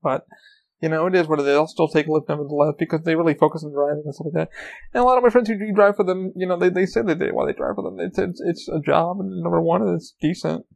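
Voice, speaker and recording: A man's voice: on the high side, quick pace, vocal fry, darkish tone. A man hosting a podcast, telling stories in a casual monologue, swearing a lot and stumbling over repeated words. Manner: profane, repetitive, stammers on restarts. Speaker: podcast host.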